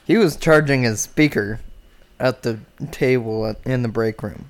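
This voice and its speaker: A man's voice: mid-range voice, a little slow. A man in casual podcast chat who laughs easily and gives blunt opinions. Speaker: podcast co-host.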